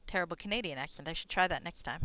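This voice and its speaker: A woman's voice: on the low side, a bit bright. Chatty, swearing woman game streamer. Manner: chatty, swearing, self-amused. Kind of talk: casual gameplay commentary. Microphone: close-up microphone.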